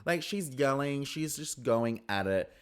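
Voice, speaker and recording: A man recaps a reality TV episode in casual, gossipy commentary, his pitch leaping up and down as he reacts. He curses freely and slips into high, mocking impressions of the cast members. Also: a little slow, smooth. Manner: gossipy, animated, swears, mimics the cast in a high voice.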